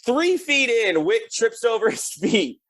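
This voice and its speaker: A man's voice: very high-pitched, very animated, a little slow, fairly bright tone. A young man chatting as a podcast guest, telling loose stories full of "like" and laughing as he acts out other people's lines. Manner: laid-back storyteller, lots of "like" and laughs, acts out quotes. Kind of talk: casual interview chat.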